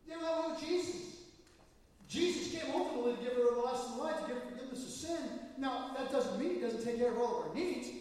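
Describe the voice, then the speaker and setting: A male pastor with a high voice delivers a sermon in a chatty, storytelling manner, sliding into anecdotes as he goes. He sounds far from the microphone, his words ringing through a big church sanctuary with a long, roomy echo. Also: fast, darkish tone. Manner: conversational, storytelling preacher. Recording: echoey hall, mic far off.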